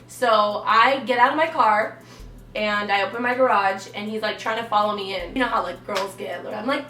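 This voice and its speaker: A young woman vlogger telling her story with dramatic flair, acting out every quote. Her voice is bright and fairly high. It rings in an echoey room, picked up from some distance. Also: a little fast, soft background music. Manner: animated, dramatic, acts out quotes. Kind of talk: storytelling vlog. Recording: echoey room, away from mic.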